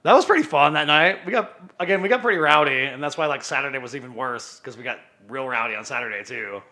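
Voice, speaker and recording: A man's voice: medium pitch, quick pace, pushed and bright. A man co-hosting a podcast in casual chat, teasing his friends and laughing often. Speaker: podcast co-host.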